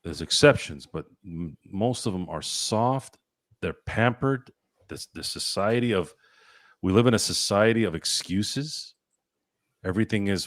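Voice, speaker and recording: A man's voice: lowish voice, lively intonation, unhurried, a bit bright, dry recording. A man co-hosting a casual sports podcast, ranting bluntly and opinionatedly, with casual swearing. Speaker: podcast co-host.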